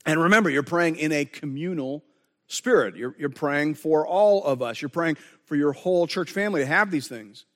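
A man's voice: on the high side, moderate pace, long reverb tail. A man preaching a sermon as pastor, earnest and conversational, often restarting his phrases.

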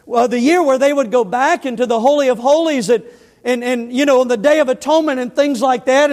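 A man preaching from the pulpit, his voice pitched strikingly high for a man. He tells stories in a relaxed way and drops to quiet, weighty words to make his points. Long reverb from the church sanctuary trails after each phrase. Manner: storytelling preacher, drops to hushed emphasis. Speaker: pastor. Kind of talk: sermon.

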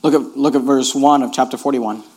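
A man's voice: mid-range voice, fairly even intonation, brisk, a little mellow. A man preaching a sermon in an earnest, emphatic way, urging listeners again and again to notice each point.

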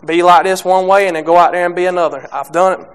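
In a high-pitched, smooth voice with fairly even intonation, a young man delivers a sermon on faith and reads scripture. His speech is halting, full of fillers and false starts.

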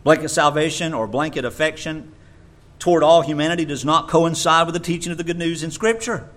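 A man preaching a sermon in an animated way, sometimes mocking others in a high voice. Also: fairly quick.

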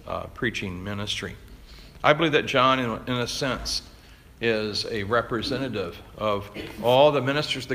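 Bright-voiced man preaching earnestly. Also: mid-range voice. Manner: earnest, emphatic preaching with fillers and restarts. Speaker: pastor. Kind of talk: sermon.

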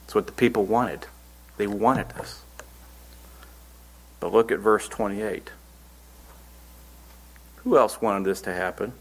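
A man's voice: lowish voice, slow pace, pauses often, slightly rough. A man preaching a Bible-teaching sermon, reading scripture verses aloud and then explaining them in earnest, plain words.

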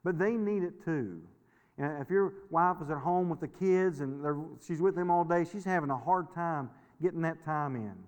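A man's voice: on the high side, normal speed, muffled recording. A middle-aged male pastor preaching a sermon in a folksy, storytelling way, repeating words and laughing often. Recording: long hall reverb.

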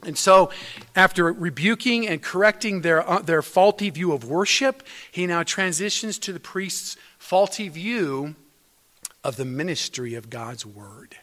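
A man's voice: high-pitched, a little slow, fairly bright tone. A man preaching a sermon as pastor, earnest, restarting phrases and building to emphatic peaks. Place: church sanctuary. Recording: long hall reverb.

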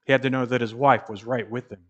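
A man's voice: mid-range voice, steady tone, a bit bright. A man preaching a sermon as pastor, telling a story and then building emphatic, repeated points. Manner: emphatic preaching with rising intensity and measured repetition.

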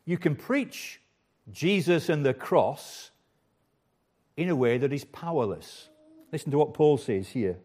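A man's voice: fairly high pitch, animated, a little slow, long pauses, darkish tone. Earnest older male preacher. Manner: earnest, emphatic, repeats key phrases. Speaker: pastor. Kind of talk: sermon.

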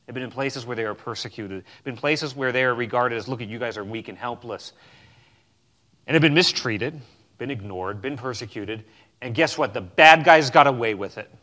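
Man, pastor, emphatic sermon, bright forceful tone, loud-soft swings. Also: mid-range voice, brisk.

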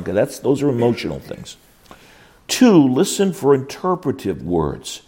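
An older man lectures to a class in a folksy, emphatic way, stumbling into restarts as he goes. His voice sits at a middling pitch for a man but leaps and swoops with lively energy. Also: moderate pace. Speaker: Bible teacher. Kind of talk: classroom lecture on biblical counseling.

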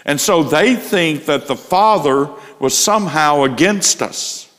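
A man preaching a sermon, slow and emphatic, building in intensity. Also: fairly high pitch, animated, a bit bright, in a large hall. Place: church.

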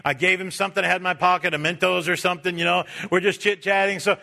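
A man who is a Baptist preacher, giving a sermon that swings from loud, high preaching to quiet storytelling. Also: little pitch movement, fast, creaky, few pauses. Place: church.

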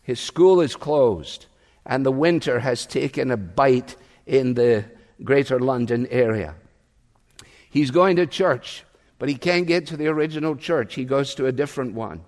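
A man preaching a sermon, telling a story earnestly and closing in quiet prayer. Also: medium pitch, in a large hall. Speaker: pastor.

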